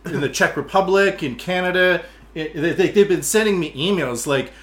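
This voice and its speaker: A man's voice: high voice, normal speed. A man co-hosting a podcast, chatty and jokey, sprinkling his talk with "like". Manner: chatty, jokey, uses "like" and "dude" a lot. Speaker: podcast co-host. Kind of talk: casual chat. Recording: roomy echoey room.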